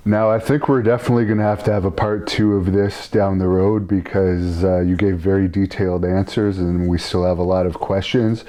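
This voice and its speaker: A man's voice: low voice, little pitch movement, fairly quick, hardly any pauses, dark tone. A male host asking questions casually and directly in an interview.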